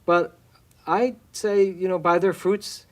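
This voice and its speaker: Halting man, higher-pitched voice. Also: fairly even intonation. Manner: halting, frequent restarts and fillers. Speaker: church minister. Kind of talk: reflective interview answer.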